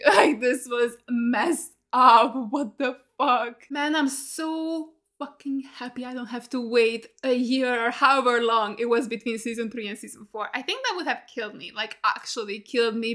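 A woman hosting a TV reaction video, excitable and swearing often. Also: fairly high pitch. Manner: excitable, swears a lot, screams at jump scares. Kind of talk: casual reaction commentary.

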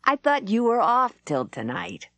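A woman's voice: on the high side, big pitch swings, measured pace, vocal fry, sharp tone, no echo, voice pushed up, heavily acted. A woman reading an audiobook, voicing a young man who asks insinuating questions. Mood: probing. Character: young man, smooth and probing.

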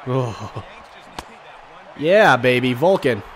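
A man commentating his own baseball video game play casually, joking and swinging from low muttering to sudden loud outbursts. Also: big pitch swings, very slow. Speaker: gaming commentator.

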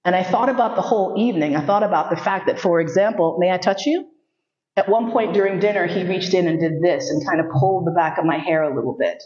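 Talking fast with few pauses, a New York City woman in her fifties gives a storytelling lecture as a sexuality educator, her voice fairly low and a bit mellow. She mixes candid humor with impressions of the voices she quotes, and the recording sounds muffled and roomy.

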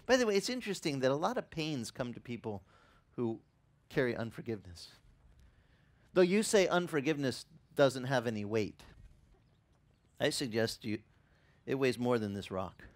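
A middle-aged male pastor giving a sermon, telling stories in an animated way and acting out the dialogue. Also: mid-range voice, moderate pace. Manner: animated storytelling that acts out dialogue.

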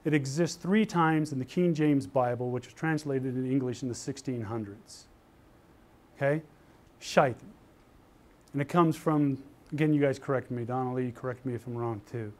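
An older man from Utah giving an animated university lecture, telling stories and acting out the voices of the people in them. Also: mid-range voice, normal speed. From Utah, USA. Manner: lively storytelling, acts out quoted voices. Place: lecture hall.

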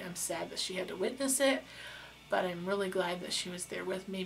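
A woman's voice: fairly low pitch, vocal fry, a bit bright, a little hiss or hum. A young woman, a beauty vlogger, telling a true story in a casual, chatty way with lots of fillers and restarts.

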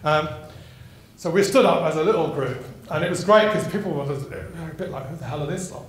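Chatty man telling a story in an echoey hall. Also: on the high side. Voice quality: chatty, laughs often, throws in quick asides. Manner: brings the audience into the story. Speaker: storyteller performing a one-man show. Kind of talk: comic storytelling to a live audience. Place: small hall with an audience.

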